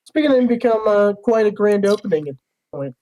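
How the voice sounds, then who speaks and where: A man's voice: high-pitched, animated, fast talker, warm tone, low-quality recording. A man narrating a tabletop game as game master in a loose, rambling way, full of fillers.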